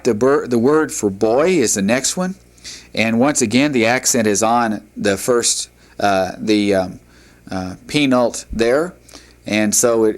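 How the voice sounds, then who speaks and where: Man slowly drilling vocabulary pronunciation. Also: mid-range voice. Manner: slow, careful pronunciation drills with repeated words; frequent fillers and restarts. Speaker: Hebrew teacher. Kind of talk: recorded classroom lecture.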